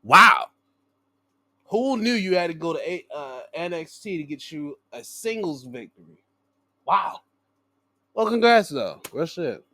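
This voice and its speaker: A man's voice: on the high side, unhurried, pauses often. A young man hosting a casual wrestling recap, joking and swearing as he talks. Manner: animated, joking, swears and laughs a lot. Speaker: show host.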